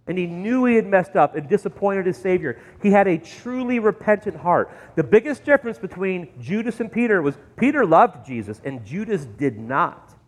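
A middle-aged man preaching a sermon in a church, telling the story with lively, acted-out quotes. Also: sits high, big-room sound. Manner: animated storytelling, acting out quoted voices. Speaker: pastor. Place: church sanctuary.

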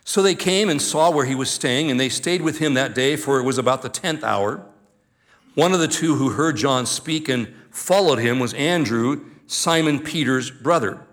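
An older man, a grandfather, preaching a sermon as pastor, reading scripture aloud and then teaching with slow, deliberate emphasis on key words. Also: medium pitch, a bit bright.

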